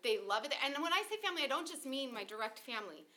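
A woman in her thirties chats in an animated, storytelling way, often slipping into the voices of people she quotes. Her voice sits high and sounds bright and clear, with a lively, friendly bounce. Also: fast talker. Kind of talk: casual conversational talk.

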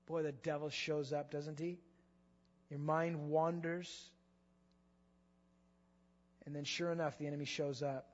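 A man preaching a sermon, animated and fond of rhetorical questions. His voice sits high for a man. It rings out in a large reverberant hall with a somewhat muffled tone. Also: measured pace, pauses often. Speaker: pastor. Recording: echoey hall, slightly dull sound.

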